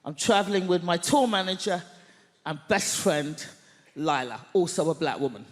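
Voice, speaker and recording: A woman doing stand-up comedy, telling a story in an animated, mock-outraged way on a large theatre stage. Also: on the low side, moderate pace. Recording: echoey hall, long reverb.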